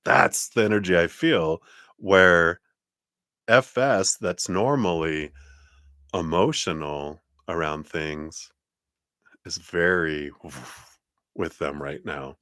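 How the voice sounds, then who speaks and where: A man's voice: low-pitched, slow, pauses often, bright, forceful tone, no echo, studio quality. A man giving a live-streamed tarot reading in a chatty way, laughing often and using many fillers. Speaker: tarot reader.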